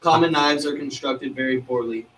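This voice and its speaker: A male trainee reading a sales script aloud in an even way. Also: mid-range voice, normal speed. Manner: reads evenly from a sales script. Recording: distant from the mic with faint noise.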